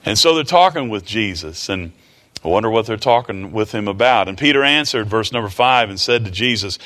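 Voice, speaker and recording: A man's voice: lowish voice, lively intonation, fairly quick, fairly bright tone. A man preaching a sermon in a folksy, repetitive way, often chuckling.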